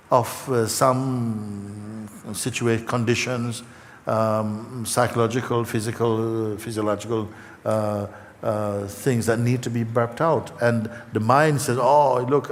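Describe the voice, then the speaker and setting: A man giving a gentle spiritual talk to an audience, slow and halting, with many fillers and repeated words, emotional at times. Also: medium pitch, steady tone, a little hiss or hum. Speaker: spiritual teacher. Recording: hall reverb, faint ambience.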